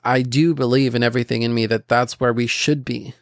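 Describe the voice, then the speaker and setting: A man's voice: medium pitch, steady tone, fairly quick, no echo, studio quality. A man hosting a casual Christian podcast, talking earnestly in a rambling way with restarts and asides. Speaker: podcast host.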